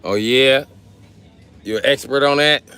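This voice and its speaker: A man's voice: medium pitch, unhurried, bright, forceful tone, clean tone, soft background music. A man chatting casually on a livestream, reading comments and trading crude, joking banter with his viewers. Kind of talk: casual live stream chat. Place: South Carolina.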